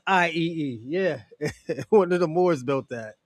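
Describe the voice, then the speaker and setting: A man from the United States with a high voice talks on a casual livestream and answers his chat. He is loose and profane, leans on "you know" and chuckles between points. The sound is dry and close. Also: expressive, slow, dry recording.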